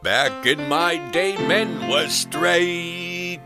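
A man voicing a pompous, bossy male radio host with a Brooklyn accent in a comedy parody sketch, gruff and indignant. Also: a little high, animated, drawn-out words, over loud music, full character voice.

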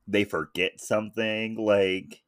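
Low-voiced guy recapping a movie on a podcast, laughs a lot, dry close mic. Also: level tone, slow pace, a bit bright, no echo. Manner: laughs often, retells scenes with quoted voices. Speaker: podcast co-host. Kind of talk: casual chat recapping a movie.

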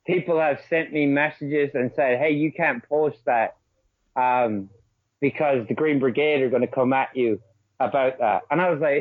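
A man's voice: medium pitch, dry recording. A man, talking brashly and swearing a lot in a casual podcast chat. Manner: brash, sweary, fast and animated. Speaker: podcast guest. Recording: tinny call line, dry.

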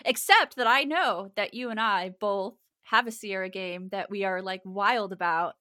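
A woman's voice: mid-range voice, moderate pace, sharp tone, no echo, studio quality. A woman co-hosting a podcast in casual chat, talkative and laughing easily. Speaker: podcast co-host.

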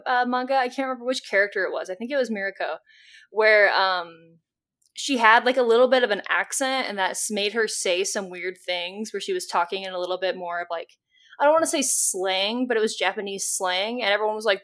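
A young woman co-hosts a casual podcast in a mid-range voice. She rambles with enthusiasm, piles on fillers, and swears freely when something excites her. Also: mid-range voice, fairly quick. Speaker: podcast co-host.

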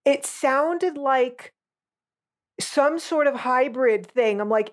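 A woman's voice: high-pitched, slow. Blunt, sweary woman podcast co-host. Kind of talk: casual movie chat.

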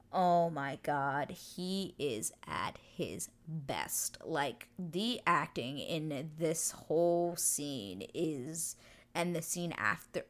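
Excitable woman gushing over a show. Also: fairly low pitch. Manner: gushing, excitable, swears freely. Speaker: TV episode recap host. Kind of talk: casual scene-by-scene recap.

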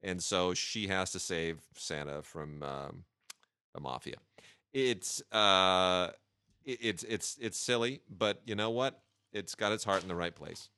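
A man's voice: low voice, unhurried, bright, forceful tone, clear, resonant tone, no echo, studio quality. A man hosting a podcast, chatting casually and wryly with lots of fillers and restarts. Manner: wry, joking, many fillers and restarts. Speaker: podcast host reviewing home video releases. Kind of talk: casual chat.

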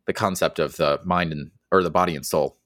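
A man's voice: deep voice, steady tone, a little fast, fairly bright tone, dry recording, studio quality. A man co-hosting a podcast, laying out his points in order in a thoughtful way. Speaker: podcast co-host. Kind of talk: casual discussion.

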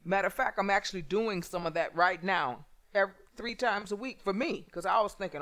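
A woman in casual conversation, telling workplace stories with many restarts and halting phrases. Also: medium pitch, fairly bright tone. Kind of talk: conversational storytelling.

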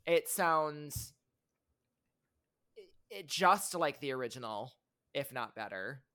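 A man's voice: medium pitch, expressive, takes it slowly, pushed and bright. A man co-hosting a casual pop culture podcast, rambling with frequent restarts as he gives passionate fan opinions. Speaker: podcast co-host.

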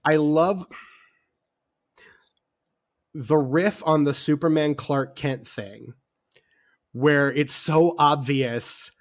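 A man's voice: a little high, extremely slow, long pauses, no room sound, studio quality. A man co-hosting a casual film podcast, talking with rambling enthusiasm, full of fillers and casual swearing. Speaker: podcast co-host.

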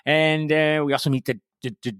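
A man co-hosting a podcast in casual chat, halting with many fillers and restarts. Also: fairly high pitch, steady tone, a bit bright, clear, resonant tone, dry recording. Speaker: podcast co-host.

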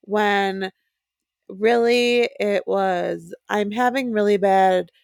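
A woman's voice: medium pitch, steady tone, extremely slow, creaky, a little mellow, smooth, no room sound, studio quality. A woman co-hosting a podcast, speaking earnestly and supportively in casual conversation. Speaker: podcast co-host. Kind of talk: casual chat.

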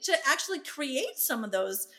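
A woman's voice: high-pitched, very animated, moderate pace, pushed and bright. A woman hosting a podcast interview, talking in a casual, affirming and encouraging way. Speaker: podcast host. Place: Los Angeles area.

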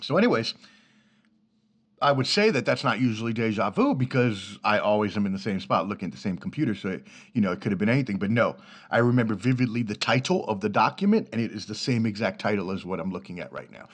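A man's voice: lowish voice, expressive, quick pace. A man in his thirties hosts a solo podcast from a small home setup in his apartment, speaking into a studio mic through a preamp. He rambles from topic to topic in a loose, chatty way, swearing freely and laughing easily. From Washington, D.C. area. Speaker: podcast host.

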